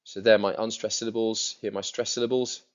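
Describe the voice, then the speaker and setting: A fairly low-pitched male teacher speaks quickly with little pitch movement on lo-fi sound. In this recorded lesson he explains a poem, repeating words for emphasis and tapping out its rhythms.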